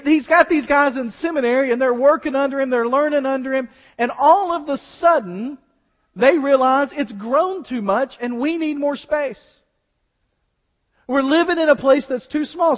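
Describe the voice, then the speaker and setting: A middle-aged man, a pastor, preaching a sermon in a conversational way, asking the congregation questions and adding humorous asides. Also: extremely high pitch. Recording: dull sound with long reverb.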